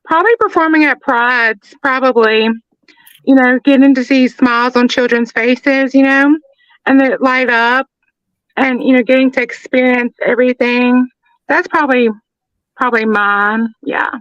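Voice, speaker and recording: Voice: sits high, fairly even intonation, normal speed, a bit bright, clear, resonant tone, no echo, dull audio. A drag performer guest, laid-back and hesitant, repeating words. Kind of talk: casual chat.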